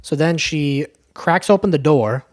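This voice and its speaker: A man's voice: on the high side, a little slow. Chatty, cussing young man recapping a film. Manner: chatty, profane, tags lines with "right?". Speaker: movie reviewer. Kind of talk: casual movie recap.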